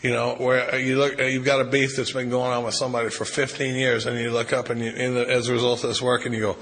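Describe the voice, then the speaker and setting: A middle-aged man speaking as a recovery-meeting speaker, an animated storyteller who acts out dialogue and restarts his sentences. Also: mid-range voice, fast talker, hardly any pauses, low-quality recording. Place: retreat meeting room.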